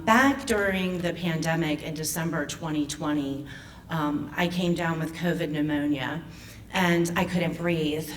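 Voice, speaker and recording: Nervous woman speaking from a distance. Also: low-pitched. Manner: nervous and emotional, halting with restarts. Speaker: foundation president and patient speaker. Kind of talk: personal story told to an audience. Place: event venue. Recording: distant mic with faint room noise.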